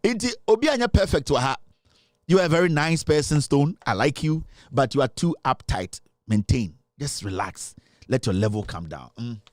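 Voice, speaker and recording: A Ghanaian man hosting a casual chat, mixing English and Twi, animated and at times drawn out and soothing. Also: medium pitch, normal speed, no echo, clean studio sound. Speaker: host.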